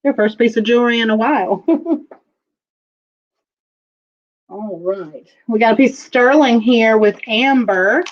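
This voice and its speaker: A woman hosting a casual live-streamed jewelry auction, chatting slowly as she describes pieces and calls out viewer bids. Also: a little high, muffled recording.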